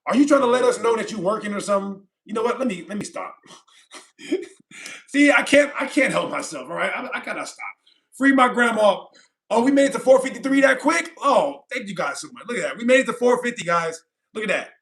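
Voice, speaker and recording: A high-pitched man with a bright, forceful voice chats casually on his livestream. He rambles, repeats himself and laughs often while reading comments from viewers, speaking into a desk microphone. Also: quick pace. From California. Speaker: livestream host.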